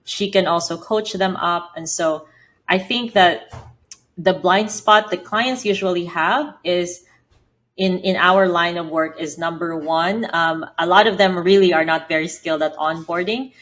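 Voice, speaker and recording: A woman's voice: fairly low pitch, unhurried, a bit bright. A woman from the Philippines with a Filipino accent, answering interview questions in an earnest, explanatory way with frequent fillers. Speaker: podcast guest, business founder.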